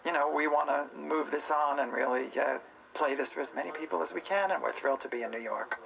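A man's voice: on the high side, quick pace, creaky, low-quality recording. A man behind a stage musical, explaining its aims earnestly in a casual interview. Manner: earnest, warm about the show, laughs easily. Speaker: show creator.

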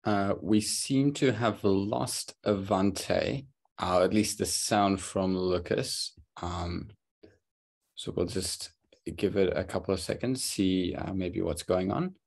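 A man speaking slowly and hesitantly, as if filling a pause while a meeting waits. His voice is very deep and gravelly. He sounds a little distant from the mic. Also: a little mellow.

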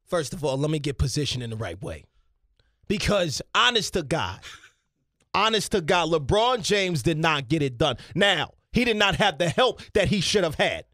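A man voicing a loud, brash male sports pundit who preaches and swings between shouting and hushed asides, in a radio studio. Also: fairly high pitch, very animated, normal speed, no room sound. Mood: ranting. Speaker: comedian doing an impression.

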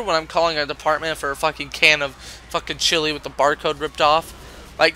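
A man's voice: fairly high pitch, expressive, fast talker, sharp tone. A young man working a retail service desk, telling customer stories in an exasperated, profanity-laced rant. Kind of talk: ranting storytime vlog.

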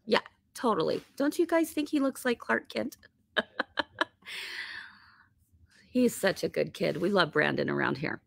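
A woman hosting a live sewing tutorial, bubbly and chatty and laughing often, her voice slightly hoarse. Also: medium pitch, unhurried, long pauses, no room sound. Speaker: quilt shop host.

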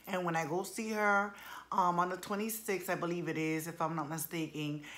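A woman's voice: on the low side, steady tone, normal speed, a bit bright. A woman in her forties chatting casually to her viewers, full of slang and calling them y'all. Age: 40s. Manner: colloquial, playful slang. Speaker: vlogger. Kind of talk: casual chat.

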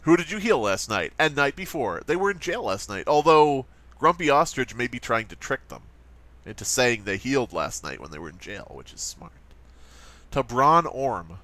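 A man's voice: mid-range voice, very animated, moderate pace, fairly bright tone, dry recording. A man doing playful, sarcastic let's play commentary while playing and talking straight to his viewers. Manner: sarcastic, jokey, talks to viewers. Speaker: gaming commentator.

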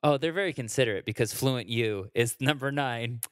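A man's voice: mid-range voice, normal speed, no echo, studio quality. A man, a comedian, chatting casually and joking as a podcast guest. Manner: joking, lively, mimics others. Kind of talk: casual chat.

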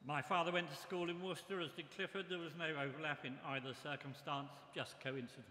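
An older man giving a memorial tribute speech, reminiscing in a measured way. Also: on the high side, steady tone, sharp tone, a little hiss or hum. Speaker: memorial speaker. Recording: echoey hall with long reverb.

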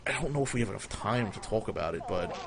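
A man's voice: fairly low pitch, expressive, fast talker, creaky, crowd noise. Rambling, foul-mouthed male storyteller. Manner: rambling, swears a lot, jumps into loud quoted voices. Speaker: livestream storyteller, host. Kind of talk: crude comic storytelling.

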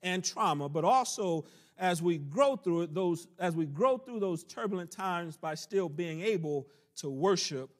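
A man's voice: sits high, expressive, a little slow. A man teaching a church Bible study in preaching style, stretching key phrases for emphasis and dropping in folksy country asides.

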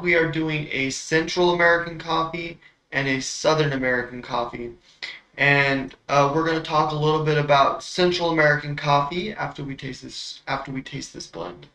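A man hosts a coffee tasting, walking the viewer through brewing in a relaxed, explanatory way with plenty of fillers. His voice is a touch high and bright. The room around him sounds echoey. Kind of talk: casual instructional demo.

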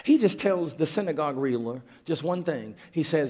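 A man's voice: a little high, lively intonation, normal speed, a little mellow. A man preaching a sermon as pastor, driving his point home with emphatic repetition and stammered restarts. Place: church auditorium. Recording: long reverb of a large hall.

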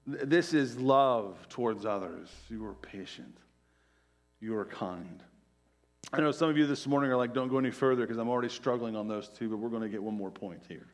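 Male pastor, middle-aged, conversational sermon, "right?" asides, hushed emphasis. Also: medium pitch, quick pace, hardly any pauses. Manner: drops to quiet, soft emphasis on key phrases.

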